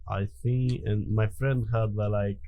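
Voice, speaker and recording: A man talks through a story in loose podcast chat. His voice sits low and mellow, and he stops often for fillers and restarts. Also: fairly even intonation, measured pace. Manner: rambling, many fillers and restarts. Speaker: podcast guest. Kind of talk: casual storytelling.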